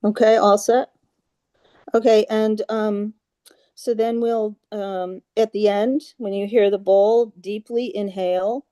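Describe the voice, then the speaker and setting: Slow, soft-spoken woman leading a meditation. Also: mid-range voice, clear, resonant tone, no room sound. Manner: patient, halting, with many fillers and restarts; chants mantras in a steady monotone. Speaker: yoga class leader. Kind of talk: guiding a group meditation on a video call. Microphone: video call.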